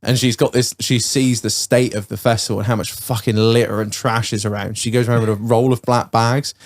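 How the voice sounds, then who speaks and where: A man co-hosting a podcast, excitable and sweary in casual banter. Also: medium pitch, fairly quick. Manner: excitable, swears freely, acts out voices. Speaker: podcast co-host.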